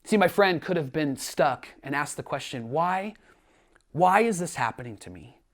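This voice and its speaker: A man's voice: on the high side, animated, normal speed. A man, a pastor, preaching a sermon with earnest storytelling and rising emphasis. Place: church streaming from home.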